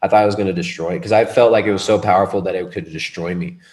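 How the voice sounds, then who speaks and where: A man with a fairly low voice tells a personal story in casual conversation. He rambles, starts over often and keeps it animated as he goes. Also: rapid-fire. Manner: rambling, animated, with restarts and laughs.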